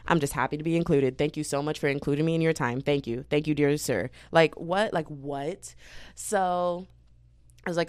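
Animated young woman telling a story. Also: deep voice, brisk, smooth, dry recording, clean studio sound. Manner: animated, swearing, slangy, laughing often. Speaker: vlogger. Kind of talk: casual storytime chat.

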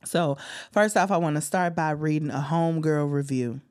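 A woman hosting her own podcast, talking alone with deep feeling and frequent exclamations. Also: moderate pace, darkish tone. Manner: heartfelt, testifying, exclaims often. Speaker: podcast host. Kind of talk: emotional solo podcast talk.

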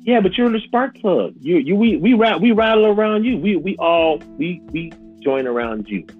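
Animated, joking male podcast co-host with a high voice; recording sounds tinny, like a phone line. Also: moderate pace, faint music behind. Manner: animated, joking, laughs often. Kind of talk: casual chat.

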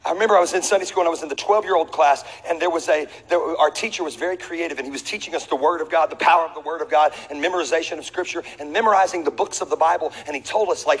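A middle-aged man pastor telling a comic story in a lively sermon, acting out voices, laughing and sometimes shouting. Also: fairly high pitch, racing, few pauses, husky. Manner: animated, acts out voices, laughs, shifts to shouting. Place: large church auditorium. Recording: reverberant hall with faint ambience.

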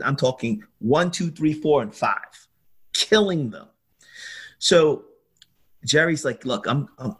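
Husky man telling a lively story. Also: mid-range voice. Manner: lively storyteller, acts out voices, laughs often. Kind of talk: animated storytelling.

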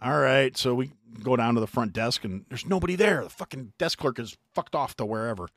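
A middle-aged American man hosting a podcast, telling a long story in a profane, animated way with mock voices. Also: mid-range voice, a little fast, no room sound, clean studio sound. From United States. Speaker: podcast host. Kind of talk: casual storytelling chat.

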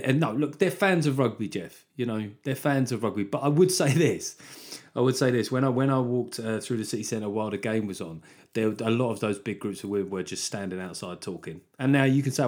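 A male comedian riffing through a podcast monologue. He rambles, swears constantly and stumbles into restarts. His voice sits at an ordinary mid pitch. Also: darkish tone. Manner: rambling, heavily sweary, self-interrupting. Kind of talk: casual comic monologue.

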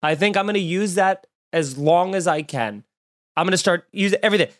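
A man hosting a podcast in casual comedic chat, riffing sarcastically with animated mock quotes. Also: high voice, fairly quick. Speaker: podcast host.

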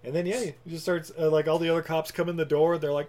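A man's voice: on the high side, little pitch movement, fast talker, mellow. A man casually recapping a movie plot as a podcast co-host, rambling with lots of fillers and frequent laughter. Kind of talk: casual chat.

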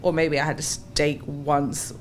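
A woman from England with a South London accent, a podcast guest telling animated stories in casual chat, often laughing. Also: low-pitched, a little slow, a little hiss or hum. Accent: South London English. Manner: animated storytelling with frequent laughter.

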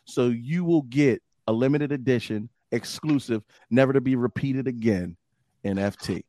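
A young adult man hosting a podcast in casual chat, animated and hype with plenty of slang. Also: mid-range voice, normal speed. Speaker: podcast host.

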